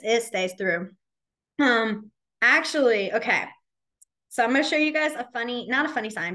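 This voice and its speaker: A young woman teaching a sign language class, chatty and storytelling, with plenty of fillers and quick laughs. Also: a little high, fairly bright tone. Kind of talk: casual class teaching with stories. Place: library classroom.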